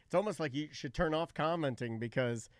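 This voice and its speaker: A man's voice: a little high, fairly quick, no room sound. A man from Florida co-hosting a live talk show, trading jokes and firm opinions in loose conversation. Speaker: co-host. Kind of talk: casual chat on a live show.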